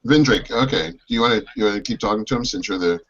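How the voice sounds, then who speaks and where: A man's voice: lowish voice, racing, fairly bright tone. A man playing in a tabletop game, chatting casually and hesitantly as he works out what his character does. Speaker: player. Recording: dull lo-fi recording with faint hiss.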